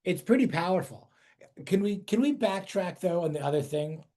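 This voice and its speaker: A man's voice: high-pitched, expressive, moderate pace, warm tone. A middle-aged man co-hosting a casual chat, teasing and playfully contrary with his partner. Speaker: podcast co-host.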